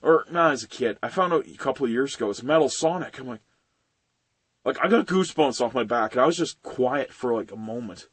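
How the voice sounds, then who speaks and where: A young man reviewing animated films in a profane, ranting style, swearing often and venting at studios. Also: mid-range voice, brisk, breathy edge, dry recording. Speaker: video reviewer.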